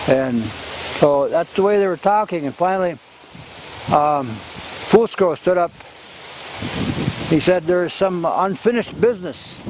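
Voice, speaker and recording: Halting man telling history outdoors in wind. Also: fairly high pitch, lively intonation. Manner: halting, repeats and restarts words. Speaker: activist recounting history. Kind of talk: oral history storytelling. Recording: wind noise on the mic.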